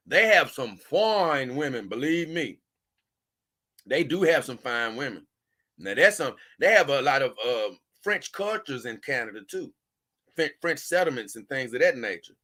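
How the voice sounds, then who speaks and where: A man's voice: medium pitch, sing-song, normal speed, pushed and bright. A man hosting a casual livestream, reading viewer comments and rambling on in loose, with chuckling asides. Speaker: livestream host.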